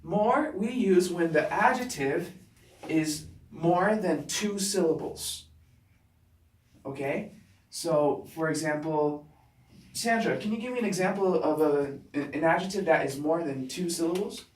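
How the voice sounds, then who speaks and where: A male teacher giving a classroom grammar lesson, talking slowly and deliberately and checking in with students after nearly every point. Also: on the high side, expressive. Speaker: English teacher. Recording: roomy classroom sound from a distant mic.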